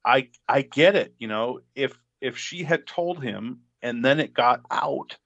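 A man's voice: mid-range voice, a little slow, creaky, fairly bright tone, no room sound, highs cut off. A man who is a father, chatting casually as a podcast panelist with frequent "right?" and "you know". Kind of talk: casual chat.

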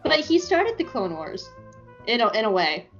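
A woman's voice: fairly high pitch, very animated, normal speed, a bit bright, lo-fi sound, soft background music. A woman podcast co-host chatting casually through an episode recap, giggly and swearing freely.

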